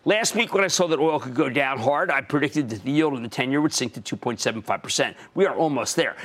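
A man's voice: medium pitch, animated, quick pace, few pauses, fairly bright tone. A man in his sixties hosting a market commentary show, talking emphatically and punching key words.

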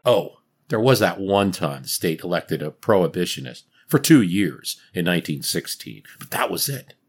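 A man's voice: low voice, sing-song, normal speed, slightly rough. A man narrating a scripted history podcast as its host, dramatic and wry. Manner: dramatic storytelling with wry asides.

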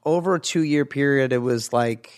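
A man's voice: mid-range voice, moderate pace, clear, resonant tone. Man telling stories on a podcast. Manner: animated storyteller, acts out quoted lines. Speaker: podcast guest, actor. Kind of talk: casual interview chat.

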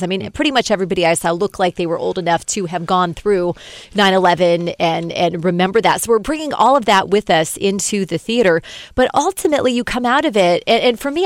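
A woman's voice: mid-range voice, dry recording, clean studio sound. A woman co-hosting a podcast, chatting casually and enthusiastically about a theater show. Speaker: podcast co-host. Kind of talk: casual chat reviewing a show.

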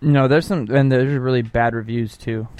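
A man's voice: medium pitch, steady tone, moderate pace, a little mellow, clean tone. A man hosting a morning radio show, chatting casually and teasing his co-hosts with lots of laughter. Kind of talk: casual chat.

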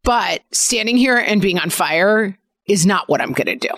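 A middle-aged woman co-hosting a podcast, chatting candidly about parenting and acting out her kids' lines in a relaxed, conversational way. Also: mid-range voice, normal speed, no room sound. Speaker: podcast co-host. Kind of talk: casual parenting chat.

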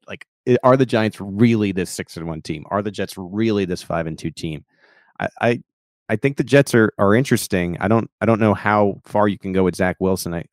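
A man's voice: deep voice, dry recording, studio quality. A man co-hosting a sports podcast, giving blunt, matter-of-fact analysis in casual talk. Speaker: podcast co-host.

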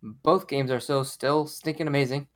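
A man's voice: medium pitch, steady tone, moderate pace. A man co-hosting a casual podcast, talking with enthusiasm. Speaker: podcast co-host.

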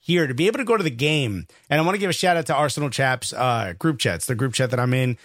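A man with a New York accent, a comedian co-hosting a podcast and telling an excited, slangy story in casual chat. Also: medium pitch, fast talker, no room sound, studio quality.

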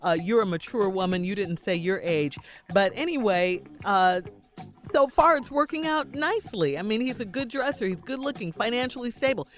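Brief: woman, radio advice host, congested, firm and direct, lively pitch, faint music. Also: moderate pace. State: slightly congested. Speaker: radio co-host reading and answering letters.

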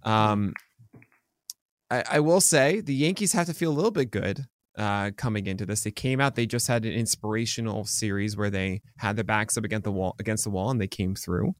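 A man's voice: lowish voice, fairly quick, no echo. Man rambling about baseball, dry sound. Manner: rambling, many ums and restarts. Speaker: podcast co-host. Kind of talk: casual sports chat.

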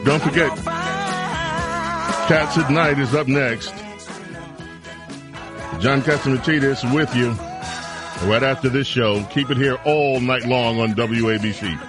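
A man's voice: medium pitch, fairly even intonation, measured pace, pauses often, over music. A man hosting a political talk radio show, talking emphatically and with indignation. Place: radio studio.

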